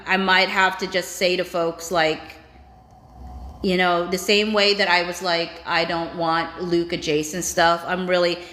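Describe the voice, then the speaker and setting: Woman, lower voice, livestream host, reads comments out loud, chatty reactions, roomy echo. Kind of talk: casual live-chat reading.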